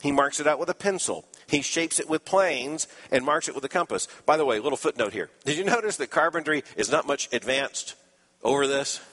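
Man preaching a sermon, slightly high voice. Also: expressive, fairly quick, fairly bright tone, in a large hall. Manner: earnest expository preaching with dry asides.

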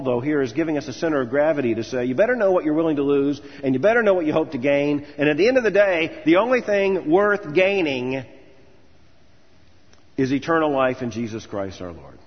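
A man's voice: on the high side, husky. A man preaching an earnest commencement sermon, telling stories and building to emphatic lists. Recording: dull sound with long hall reverb.

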